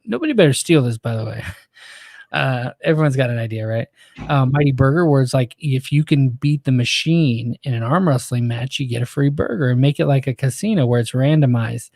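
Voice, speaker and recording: A man's voice: mid-range voice, brisk, creaky, darkish tone, no room sound, clean studio sound. A man hosting a podcast interview, chatting casually with plenty of fillers and asides. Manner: casual, rambling, lots of fillers. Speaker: host.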